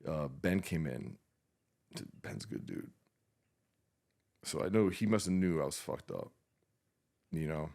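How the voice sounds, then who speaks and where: A man, a veteran guest on a podcast, telling an emotional personal story in a halting, subdued way, with many restarts and fillers and frequent swearing. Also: extremely low pitch, very animated, gravelly, darkish tone.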